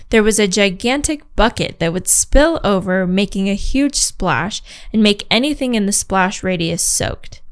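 A woman's voice: medium pitch, expressive, a little slow, few pauses, clear, resonant tone. Giggly woman reading a story aloud. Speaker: podcast co-host.

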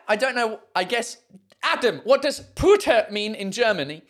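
A podcast host chatting casually on their own show, reading out listener messages. They laugh often, swear casually, and sound out French and German words slowly. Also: big pitch swings, fairly bright tone. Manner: giggly and amused, bursts of high laughter, casual swearing.

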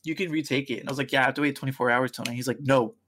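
A man's voice: mid-range voice, rapid-fire, a little hiss or hum. Young guy on a podcast telling a funny story, does the voices, laughs a lot. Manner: animated storyteller acting out quoted voices, laughing often. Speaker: podcast co-host. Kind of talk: casual chat, storytelling.

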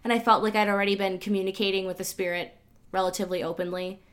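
A woman's voice: medium pitch, flat delivery, fast talker. Podcast guest, woman, chatty storyteller, loose and filler-heavy. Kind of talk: casual storytelling.

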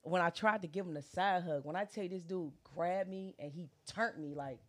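Animated woman telling a personal story. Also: on the low side, moderate pace. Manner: animated storytelling with slang and quoted dialogue. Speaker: guest sharing her story. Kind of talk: candid casual chat.

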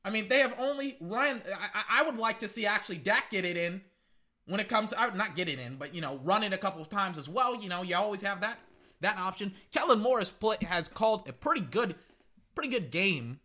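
A man giving casual, rambling live reactions to a football game as a fan commentator, getting excitable and repeating himself. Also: sits high, brisk.

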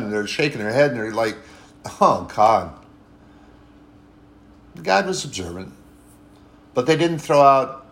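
Gravelly-voiced man preaching a sermon. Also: mid-range voice. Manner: conversational, repetitive and emphatic, with frequent restarts and apologies.

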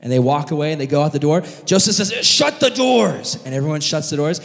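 Man preacher, high voice, animated storyteller, big hall reverb. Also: very fast. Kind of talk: sermon storytelling. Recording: long reverb of a large hall.

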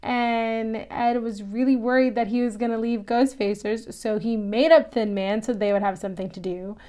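A woman casually recapping a TV episode, chatty and animated, laughing often and acting out quoted lines. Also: fairly high pitch, normal speed, clear, resonant tone.

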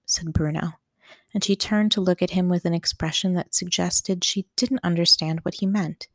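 A woman reading a novel aloud as an audiobook narrator, calm and measured. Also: lowish voice, no echo, studio quality.

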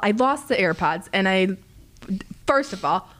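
A woman's voice: mid-range voice, animated, a little slow, a bit bright. A young adult woman co-hosting a podcast, chatting casually and teasing playfully. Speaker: co-host.

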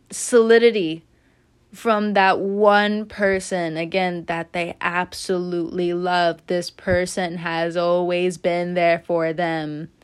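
This tarot reader, a woman, chats her way through a casual reading indoors at home, lively and quick to laugh. Her voice is mid-pitched with a clean tone.

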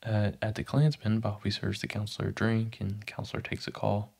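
Low gravelly man recapping a show. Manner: animated, pops into quick character voices for quotes. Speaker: podcast host recapping a TV episode. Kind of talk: casual recap with quoted lines.

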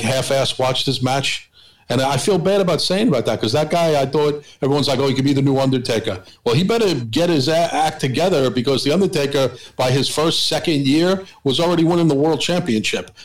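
A man's voice: on the high side, low-quality recording. A man co-hosting a wrestling podcast, rambling emphatically and challenging listeners to be honest. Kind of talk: casual opinionated podcast commentary.

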